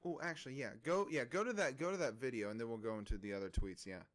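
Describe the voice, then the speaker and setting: A young man co-hosting a relaxed podcast, joking and laughing through his talk. He reads posts aloud and breaks off into mocking asides. His voice sits in an ordinary middle pitch. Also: quick pace. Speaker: podcast co-host. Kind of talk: casual podcast chat.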